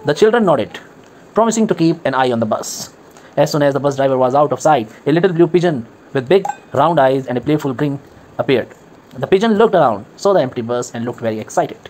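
A man reading a bedtime story aloud in a gentle, steady way. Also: fairly high pitch, fairly quick, a little hiss or hum.

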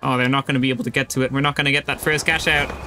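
A man's voice: medium pitch, level tone, racing, music in the background. A young man giving casual live commentary while playing a video game, explaining his choices as he goes. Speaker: gaming YouTuber.

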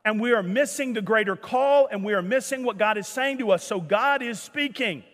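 A man preaching a sermon as pastor, animated and jokey, acting out the scripture scenes. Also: high voice, normal speed, long reverb tail. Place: church sanctuary.

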